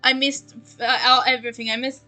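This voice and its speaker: German-accented young woman streamer, high and sparkly, rambly self-mocking chat, faint music under. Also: level tone, a little fast, pushed and bright, rough recording. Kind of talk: casual live-stream chat while gaming. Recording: streaming mic with faint game music behind.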